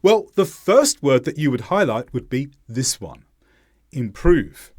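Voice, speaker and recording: A man teaching English pronunciation in a scripted lesson, speaking slowly and deliberately with heavy stress on key words. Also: mid-range voice, big pitch swings, a little mellow, no echo, studio quality.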